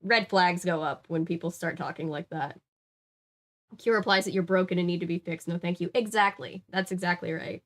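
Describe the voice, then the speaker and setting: A woman's voice: fairly low pitch, normal speed. A woman from Louisiana with a slight Southern US accent, chatting casually on a stream, rambling with many fillers. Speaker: streamer reading viewer comments. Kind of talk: casual live-stream chat.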